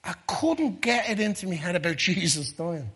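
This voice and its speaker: A middle-aged man giving a testimony sermon, moving from quiet storytelling to loud, fervent preaching. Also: high-pitched, big pitch swings, moderate pace, husky.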